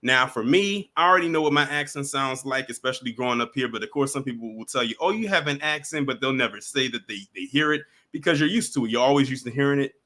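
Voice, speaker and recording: Bright-voiced man giving casual commentary. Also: mid-range voice, quick pace, few pauses. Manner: talks straight to viewers, emphatic, repeats himself. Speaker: commentary vlogger.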